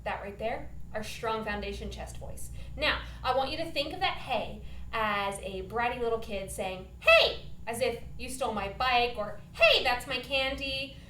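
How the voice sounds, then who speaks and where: A woman's voice: a little high, normal speed, fairly bright tone, echoey room, a little hiss or hum. A woman teaching a children's singing lesson, upbeat and encouraging, demonstrating points with her own voice.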